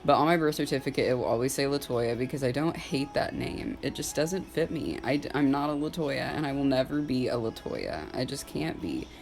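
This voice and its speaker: A woman's voice: rumbling low, expressive, brisk, few pauses, darkish tone, faint music behind. Candid young woman vlogging. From Southern United States. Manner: casual, candid, filler-heavy, with frequent "like"; openly emotional at times. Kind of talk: personal vlog, talking to camera.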